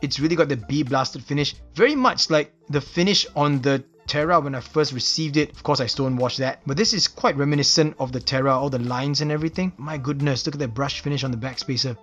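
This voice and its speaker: A man's voice: mid-range voice, fast, hardly any pauses, fairly bright tone, soft background music. A man from Singapore with a Singaporean English accent, casually narrating an unboxing and reviewing details with enthusiastic, admiring exclamations. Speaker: knife reviewer.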